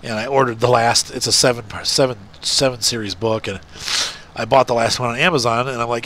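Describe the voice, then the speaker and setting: Speaking at a normal speed in a mid-range, slightly bright voice, this middle-aged man with a blocked nose hosts a gaming video. He chats casually over a farming game, rambling and self-deprecating.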